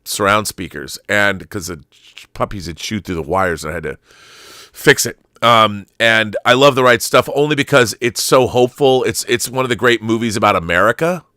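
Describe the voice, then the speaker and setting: A man's voice: lowish voice, moderate pace, pushed and bright, no room sound, studio quality. A middle-aged man hosting a casual chat, rambling through heartfelt stories with many restarts. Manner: rambling, restarts, emotional storytelling. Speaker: channel host.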